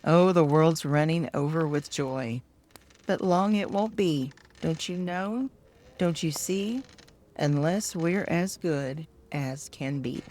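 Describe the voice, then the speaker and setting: A woman's voice: deep voice, takes it slowly, a little mellow, slight background noise. An older woman voicing a cheerful little brown thrush bird in a sing-song lilt, reading a storybook poem. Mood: earnest.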